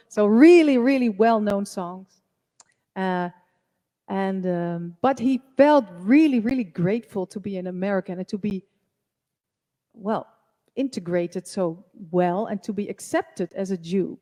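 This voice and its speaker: A woman presenting a live music talk, chatty and halting, with many fillers. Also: medium pitch, dark tone, long reverb tail. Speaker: presenter and singer.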